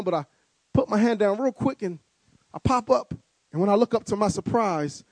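A man from New Jersey, a guest speaker telling an animated story with vivid details and stammering repeats. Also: high-pitched, dry recording. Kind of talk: storytelling speech.

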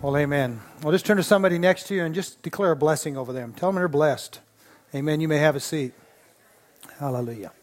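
A man's voice: a little high, fast. A middle-aged man, an associate pastor, preaching a sermon in a church with folksy storytelling and call-and-response. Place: church sanctuary.

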